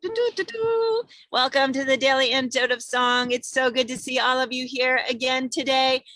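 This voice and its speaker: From a parked car on a road trip, a woman hosts an online singing show over a video call, her high, bright, forceful voice coming across monotone and a little fast. She chats upbeatly and reads out many viewers' names in greeting. The recording is dry.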